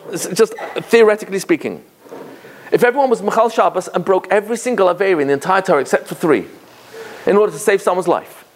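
A man's voice: high voice, slight background noise. A man in his fifties giving an impassioned Torah talk, with emphatic peaks and frequent fillers and restarts. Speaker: Torah speaker. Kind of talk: sermon.

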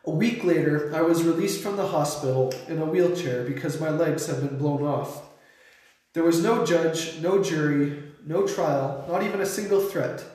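A young man earnestly reading his own short story aloud, lifting his voice sharply for shouted lines. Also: a little high, moderate pace. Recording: very echoey room.

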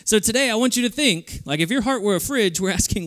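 A young man delivers a sermon to a youth group in a lively, playful way. His voice sits a little high for a man. His delivery is animated and casual. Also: fast, hardly any pauses. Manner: lively, playful, switches into goofy voices for stories. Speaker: youth speaker.

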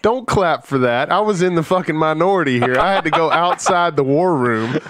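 A man's voice: a little high, lively intonation, moderate pace, fairly bright tone, dry recording. A man co-hosting a podcast, chatting casually, reading out listener messages and swearing. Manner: swears, reads out listener chat. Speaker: podcast co-host. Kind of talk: casual chat.

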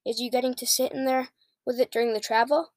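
A woman's voice: fairly high pitch, fairly even intonation, fast, dry recording, lightly acted. A woman voicing a big, friendly male giant who speaks in jumbled grammar and made-up words. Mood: kindly.

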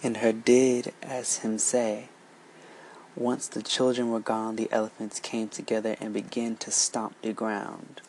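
A storyteller reading a folk tale aloud, unhurried and lilting, switching voices for each character. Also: mid-range voice, level tone, a little mellow, slight background noise, poor audio.

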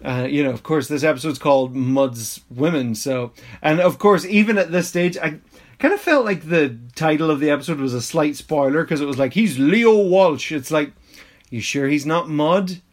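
Give me a talkative man whose voice sits a touch high. He recaps an episode in a loose, rambling way, full of mock-exasperated asides, and he laughs often as he goes. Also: normal speed. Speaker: podcast host reviewing an episode. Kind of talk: casual recap commentary.

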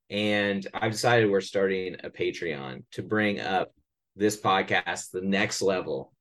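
A man co-hosting a casual podcast from his bedroom at home, delivering a joking sales pitch full of stammers and restarts. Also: a bit bright. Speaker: podcast co-host.

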